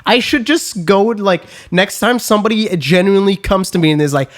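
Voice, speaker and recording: Casual podcast host, a man with a high voice and animated, profane storytelling. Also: a little fast. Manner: animated storytelling, heavy swearing.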